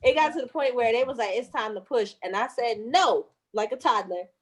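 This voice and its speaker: A woman's voice: on the high side, brisk. A woman in her thirties telling a birth story with lots of laughter and swearing, acting out every voice in the story. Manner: lively, laughing, cussing, acts out voices. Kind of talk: animated storytelling with acted-out quotes.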